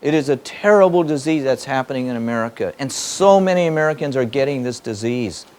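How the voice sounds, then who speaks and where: Addressing a live audience in a hall, this spiritual teacher has a medium-pitched, darkish voice with lively intonation and a slightly fast delivery. He teaches emphatically, repeating himself and firing off rhetorical questions.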